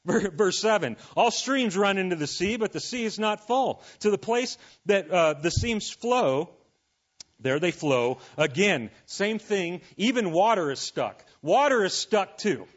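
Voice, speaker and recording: Animated, high-voiced preaching man. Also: measured pace, muffled recording. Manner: animated, conversational preaching with asides to the congregation. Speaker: pastor. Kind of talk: sermon.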